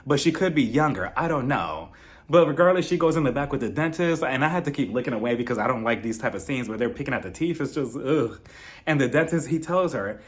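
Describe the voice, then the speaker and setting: A man's voice: mid-range voice, lively intonation, fast. A man giving a casual, sarcastic recap of a reality show, chatty and laughing at his own jokes.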